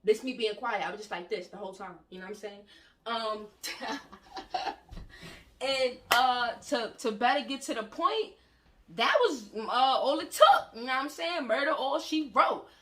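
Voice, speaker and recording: A young woman vlogger telling a story to camera in a casual, slangy, animated way, acting out the scenes as she goes. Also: fairly high pitch, normal speed, long pauses.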